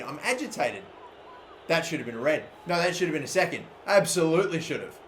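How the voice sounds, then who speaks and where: A young man giving casual commentary over a football video game, excitable and swearing when annoyed. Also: a little high, a little fast. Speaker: gaming YouTuber. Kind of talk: gameplay commentary. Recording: echoey room with faint ambient noise.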